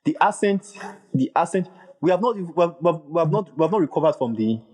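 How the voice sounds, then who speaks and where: A man's voice: on the high side, big pitch swings, rapid-fire, mellow, rough recording. A Nigerian man with a Nigerian accent, speaking as a podcast guest in a casual, passionate and emphatic way, repeating phrases for effect. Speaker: guest, culture writer.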